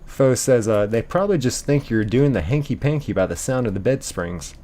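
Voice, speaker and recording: A man hosting a casual live stream, reading viewer comments aloud in an animated way, laughing easily and thanking viewers by name. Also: mid-range voice, a little fast. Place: apartment bedroom.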